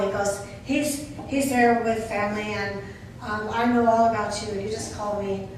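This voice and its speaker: A woman's voice: a little high, steady tone, moderate pace. An older woman speaking at a memorial service, telling fond stories about a late friend. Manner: warm storytelling with fond laughs. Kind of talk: eulogy. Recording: echoey hall from far off, noisy.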